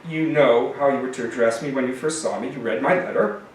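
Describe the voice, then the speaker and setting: A man reading aloud and voicing a menacing macho man in leather who speaks in a high, effeminate, mean voice. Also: a little fast, a little hiss or hum, close to an everyday voice. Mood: stern. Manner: stern, mean, commanding. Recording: echoey room from a distance.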